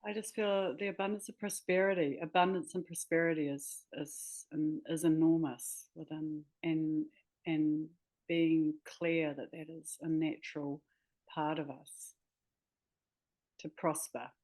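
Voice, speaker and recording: A healer and author from New Zealand chats casually as a guest on an interview show, her voice a little low for a woman, level in tone, slightly mellow, and measured in pace. She's enthusiastic, laughs easily, and sometimes searches for the right word mid-sentence.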